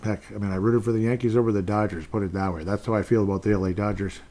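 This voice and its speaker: A man's voice: fairly low pitch, steady tone, very fast, mellow. A man hosting his own podcast alone, rambling casually and earnestly thanking listeners over and over. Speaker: podcast host. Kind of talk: casual solo podcast chat.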